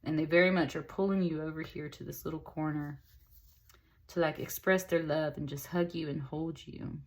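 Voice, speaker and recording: A woman's voice: sits low, steady tone, moderate pace, darkish tone. A woman giving a casual tarot reading to camera, chatty and upbeat, speaking straight to her viewers with fillers and endearments. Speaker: tarot reader.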